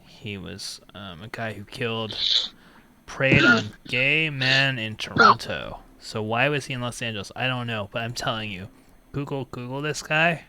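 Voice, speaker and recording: A man's voice: medium pitch, normal speed, noisy background. A man hosting a call-in talk stream, telling a rambling story in casual chat with frequent laughs. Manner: rambling, laughs often, mock phone-menu voice. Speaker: call-in show host.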